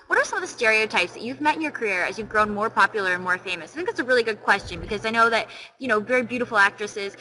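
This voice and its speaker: A woman host reads a viewer's question aloud at a quick pace, then adds her own follow-up. Her voice is bright and on the high side, and a long reverb trails behind it. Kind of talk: reading viewer questions in a live online interview.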